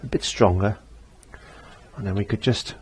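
A man's voice: on the low side, moderate pace, husky. A man giving a chatty step-by-step painting tutorial, repeating phrases as he works. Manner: chatty, repeats himself while working. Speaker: painting teacher.

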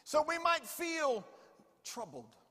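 High-voiced pastor preaching in a reverberant church. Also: male voice, expressive, moderate pace, pushed and bright. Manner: repetitive, emphatic preaching with call-and-response. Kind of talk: sermon. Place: church sanctuary. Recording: long reverb of a church hall.

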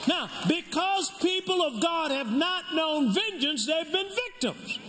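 An older man, a pastor, preaching a sermon with call and response and shouting out to the crowd. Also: lively intonation, unhurried. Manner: swings from shouts to low storytelling asides. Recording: reverberant hall, faint room noise.

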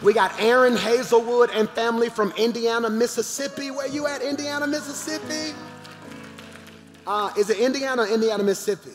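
Male pastor, high-voiced and animated, live church reverb with faint music; calls out to the crowd. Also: brisk. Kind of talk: church announcements from the pulpit. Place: large church auditorium.

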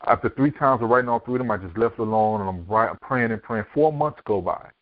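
Fast and lowish in pitch, this author and speaker from Miami, Florida shares his life story as a podcast guest, bringing quoted people to life by performing their voices. The recording is dry and phone-like, with a tinny quality.

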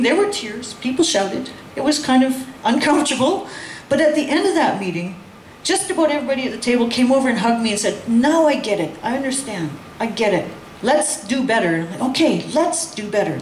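A woman telling a personal story at a community session, acting out the voices of the people in it and laughing often. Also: a little high. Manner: animated, acts out quoted voices, laughs often. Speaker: guest speaker. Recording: echoey room with faint ambient noise.

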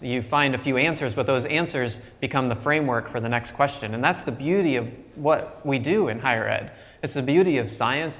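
A man's voice: mid-range voice, a bit bright. A middle-aged man giving a guest lecture in a conversational, thinking-aloud way. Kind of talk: public lecture. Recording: long hall reverb.

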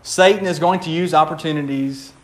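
High-voiced man preaching a sermon. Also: brisk. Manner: conversational and playful, laughs often, acts out quotes. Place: church.

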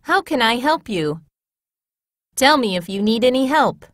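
A woman reading classroom English phrases in a clear, measured, teacher-like way, as scripted studio narration. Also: fairly high pitch, animated, no room sound.

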